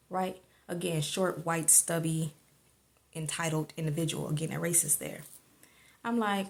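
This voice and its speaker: Woman, lower register, casual rambling storyteller, colloquial and loose. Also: level tone, normal speed, a little mellow. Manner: rambling, colloquial, many fillers like "or whatever not". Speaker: vlogger sharing a personal testimony.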